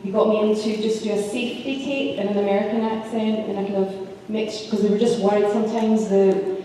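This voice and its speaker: A woman's voice: mid-range voice, mellow. Lady on a con stage, chatty, lots of echo and room noise. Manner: chatty, laughing, many fillers. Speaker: actress on a convention panel. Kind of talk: panel storytelling. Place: convention hall with crowd. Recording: echoey hall, distant from mic.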